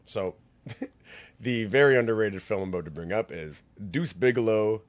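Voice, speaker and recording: A man's voice: lowish voice, normal speed. A man co-hosting a casual podcast chat, rambling and laughing as he retells movie scenes. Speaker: podcast co-host. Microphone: podcast mic.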